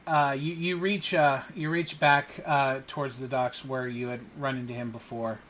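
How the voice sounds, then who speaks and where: A man narrating as game master of a tabletop role-play, pausing often with ums and uhs. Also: mid-range voice, steady tone, fairly bright tone, a little hiss or hum. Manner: halting, many ums and uhs.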